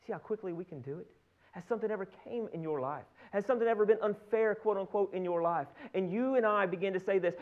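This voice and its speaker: A man's voice: sits high, fast talker. A male pastor teaching in an earnest sermon, often repeating words as he builds a point. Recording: dull lo-fi sound.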